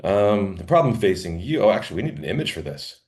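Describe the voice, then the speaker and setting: Brief: male comedy co-host, very low and lively voice, chuckles through his lines. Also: quick pace. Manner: reads a draft aloud, laughing often between lines. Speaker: podcast co-host. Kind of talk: casual comedic chat.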